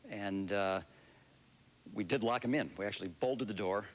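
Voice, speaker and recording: A man with a somewhat low voice tells stories in an interview. He is relaxed and anecdotal, and he builds each tale at an easy, unhurried pace. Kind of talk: interview reminiscence.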